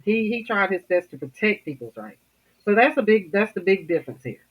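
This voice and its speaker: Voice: medium pitch, lively intonation, brisk, slightly rough, poor audio. A podcast host giving casual commentary, rambling and stopping to search for words.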